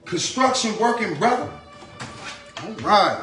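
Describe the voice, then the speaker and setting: A man's voice: a little high, expressive, moderate pace, soft background music. Chatty man cooking in an echoey kitchen. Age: adult. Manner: loose and chatty, repeats a catchphrase, greets commenters. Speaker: home cooking host. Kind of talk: casual live cooking stream, chatting to viewers. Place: home kitchen.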